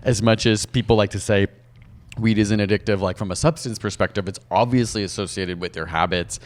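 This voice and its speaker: Guy on a podcast, low voice, thoughtful, lots of likes. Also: fairly even intonation, a little fast. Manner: thoughtful, hedging with many "like"s. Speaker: podcast co-host. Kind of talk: casual chat.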